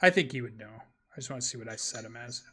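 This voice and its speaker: Man, game master, improvised tabletop narration, rambling, hesitant, bright voice. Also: medium pitch, expressive, fast talker, slightly rough. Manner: rambling, hesitant with many fillers. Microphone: streaming microphone.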